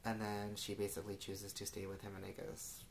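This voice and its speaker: Deep flat-voiced young man rambling. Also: a little fast, vocal fry, slight background noise, rough recording. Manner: rambling, heavy use of "like" and "and stuff". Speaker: TV episode recapper. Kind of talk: casual rambling recap.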